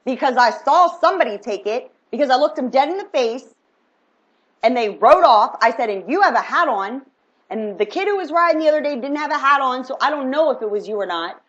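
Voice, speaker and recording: Indignant mom ranting, muffled recording. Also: female voice, high-pitched, brisk. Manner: indignant, animated, quotes herself and others. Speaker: parent telling a story. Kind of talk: casual storytelling rant.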